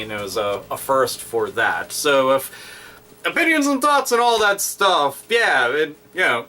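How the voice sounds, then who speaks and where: A man in his thirties talking casually in a rambling, profane vlog monologue. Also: on the high side. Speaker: YouTube vlogger. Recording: bright voice, somewhat distant mic, faint music.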